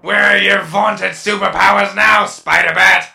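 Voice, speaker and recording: A man plays a pompous armored supervillain in a radio comedy, hammy and boastful. the voice is heavily gravelly and sits fairly high. clear hiss and noise run under the recording. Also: fairly even intonation, unhurried, full character voice.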